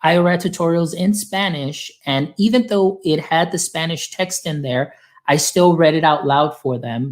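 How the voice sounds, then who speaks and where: Upbeat chatty man walking through software. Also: on the high side. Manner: upbeat, chatty, lots of filler phrases. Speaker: guest demonstrating software; educator supporting teachers. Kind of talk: casual screen-share tutorial.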